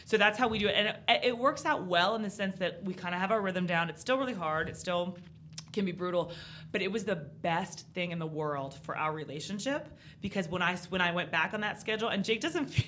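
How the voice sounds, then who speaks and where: Fast-talking candid woman, lowish voice. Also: a little hiss or hum. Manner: candid, animated storyteller. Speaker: guest. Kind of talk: casual podcast chat.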